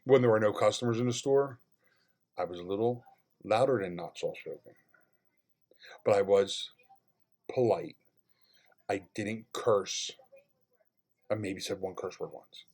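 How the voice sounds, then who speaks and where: A man telling a frustrating customer-service story in a casual, animated way, swearing freely and swinging from low mutters to loud outbursts. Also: measured pace, long pauses.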